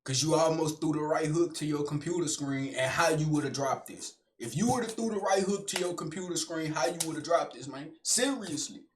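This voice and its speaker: A man playing his own calm inner voice in a comedy sketch, talking someone down with slow, low scolding. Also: slight background noise, close to an everyday voice. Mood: soothing, scolding.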